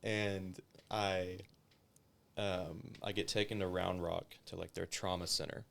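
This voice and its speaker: This man speaks at a measured pace in a low, level, gravelly voice that is fairly bright. Once a police officer, he's telling a story in an easygoing interview, swearing a lot and filling his sentences with "like."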